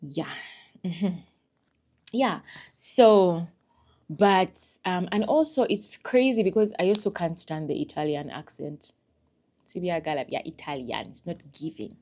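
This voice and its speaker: Slow-talking woman vlogging. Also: on the low side. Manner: frank, gossipy and expressive, laughing and swinging between murmurs and squeals. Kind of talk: casual life-update chat to camera.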